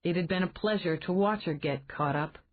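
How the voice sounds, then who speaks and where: A woman's voice: on the low side, slight background noise. Woman narrating a romance novel, tinny. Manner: measured storytelling. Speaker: audiobook narrator. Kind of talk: scripted narration. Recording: tinny phone-like band.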